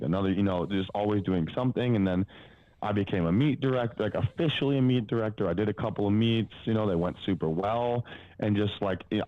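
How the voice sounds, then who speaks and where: Here a man in his twenties, a powerlifting coach guesting on a podcast, tells casual, wandering stories with plenty of fillers and an occasional curse. His voice is on the low side. The recording is dry and sounds like it's coming through a phone.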